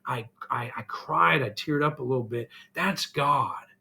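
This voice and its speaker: A man's voice: medium pitch, a little slow, gravelly, pushed and bright, husky. A middle-aged man vlogging an earnest, emotional personal reflection, still getting over an illness. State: recovering from illness, congested.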